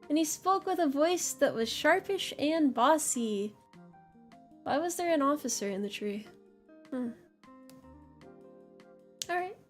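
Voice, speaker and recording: A woman streamer giving a theatrical, playful reading of a children's storybook, with laughs and asides to her viewers. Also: high voice.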